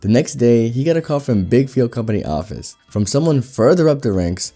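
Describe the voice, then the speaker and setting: A man narrating a reddit story aloud in a brisk storytelling manner. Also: mid-range voice, expressive, mellow, faint music behind. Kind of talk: reading reddit stories aloud.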